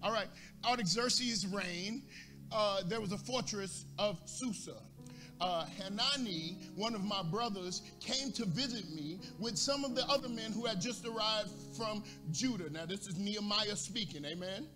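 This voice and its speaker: A man's voice: sits high, unhurried, over music. A man pastor preaching a sermon, asking the congregation for responses and rising into a sung cadence.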